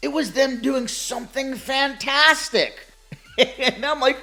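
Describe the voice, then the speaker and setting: Over soft background music, a gaming commentator with a high-pitched, bright, forceful voice rants slowly in a sarcastic, profane way. They laugh often and mock opponents by quoting them in put-on voices.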